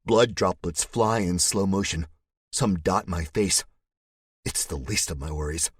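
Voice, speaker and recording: A man's voice: low voice, a little slow, husky, dry recording. A man narrating an audiobook in the first person, telling it in a gritty, tense way on a close studio mic.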